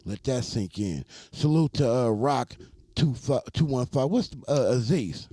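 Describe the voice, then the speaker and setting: A man hosting a live reaction stream, talking loosely and joking with his chat. His voice is dark and mellow, recorded dry and close with no room around it. He rambles, teases and shouts out viewers. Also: mid-range voice, lively intonation, measured pace, breathy edge, no echo. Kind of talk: casual live-stream commentary.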